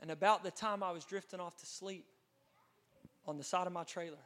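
A man preaching from the pulpit, his voice high and bright with a sharp edge. He tells his testimony earnestly and dramatically, often restarting mid-sentence as the story builds. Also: steady tone, a little fast. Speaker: pastor. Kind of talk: storytelling sermon.

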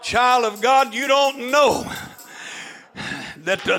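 A male pastor, preaching a fervent shouted sermon to his congregation, peppered with "amen" and "uh". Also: very high voice, takes it slowly, creaky, low-quality recording. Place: church with congregation.

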